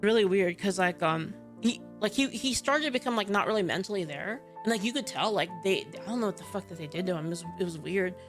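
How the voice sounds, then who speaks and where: A woman with a middle-pitched voice tells a long story on stream. She rambles, piling up fillers and swearing freely. Faint music plays beneath her. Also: animated, quick pace, hardly any pauses.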